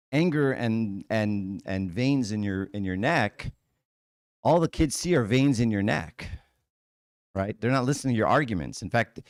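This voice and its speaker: A man's voice: medium pitch, no echo, studio quality. A man giving a conversational talk at church, frank and casual, often checking in with "right?" and "okay?". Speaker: church speaker.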